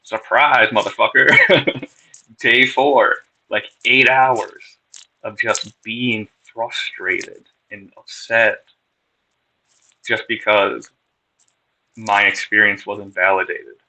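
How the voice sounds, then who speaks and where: Male storyteller, slow-talking and candid, a bit low-pitched, cursing freely. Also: flat delivery, bright, forceful tone, rough recording. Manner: candid, profane, wry storytelling. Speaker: podcast guest sharing his recovery story. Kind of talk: casual personal storytelling.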